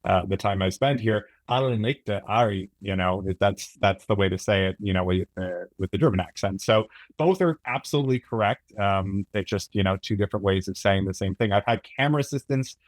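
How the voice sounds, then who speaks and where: A man with a low voice, talking as a guest on a podcast. He agrees readily and explains things at length, padding his speech with fillers and restarts. The recording is dry and close. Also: brisk, dry recording. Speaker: camera product manager guest. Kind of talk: casual interview chat.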